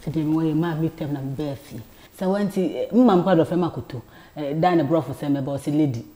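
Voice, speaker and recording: A Ghanaian woman in her thirties, a talk show guest telling a personal story in lively casual chat, often repeating words as she goes. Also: low voice, quick pace. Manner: animated, repeats words, laughs while telling.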